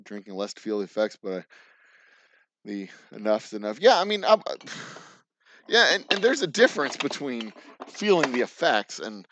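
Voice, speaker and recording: A man's voice: mid-range voice, sing-song, normal speed, a bit bright. A middle-aged man with a Texan accent who rambles through stories in casual live-stream chat while he works in a distillery, swearing freely and laughing often. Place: distillery workroom.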